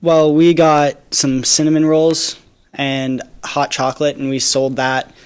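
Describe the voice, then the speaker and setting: A man's voice: a little high, little pitch movement, measured pace, clean tone. A teenage boy technical student in a studio interview, plain and matter-of-fact. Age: teens. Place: radio studio.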